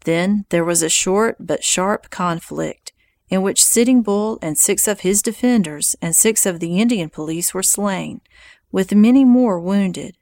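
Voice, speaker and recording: A woman reading historical nonfiction aloud in a measured, even audiobook narration. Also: medium pitch, gravelly, no echo, clean studio sound.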